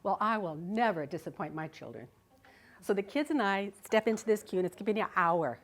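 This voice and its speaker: At a live event, a middle-aged woman with a medium-pitched voice gives a talk, recounting a personal story with animation and a slightly fast pace. Her telling is vivid and expressive, punctuated by frequent laughter.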